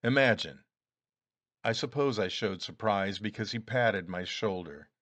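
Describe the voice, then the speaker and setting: Low-voiced man narrating a story. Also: normal speed, a bit bright, no room sound, dull audio. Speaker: audiobook reader. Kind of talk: first-person story narration.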